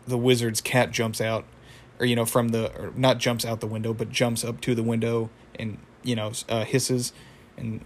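A young man casually recapping a cartoon episode, rambling with lots of fillers and chuckling at the story. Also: mid-range voice. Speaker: show recapper.

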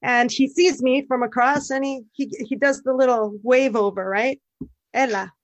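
A woman from Canada chatting casually and telling a lively story. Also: sits high, normal speed, dry recording, dull audio. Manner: lively, laughs often, swears casually. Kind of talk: casual chat.

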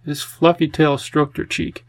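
A man reading a children's storybook aloud in a gentle, even storytelling manner. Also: a little high, unhurried, dry recording. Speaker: audiobook narrator. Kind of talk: scripted storybook narration.

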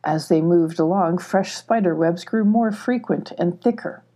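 A woman reading a children's adventure audiobook in a measured, gentle storytelling manner. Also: on the low side. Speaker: audiobook reader. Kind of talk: scripted audiobook narration.

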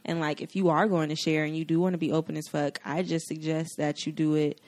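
Lower-pitched woman, candid and animated. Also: fairly quick. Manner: candid and profane, animated storytelling. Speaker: podcast guest. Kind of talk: casual chat.

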